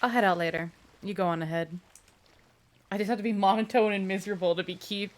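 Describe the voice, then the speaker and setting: A woman's voice: mid-range voice, fairly even intonation, fast talker. A woman guest streamer bantering playfully and laughing as she plays a game. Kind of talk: casual game-stream chat.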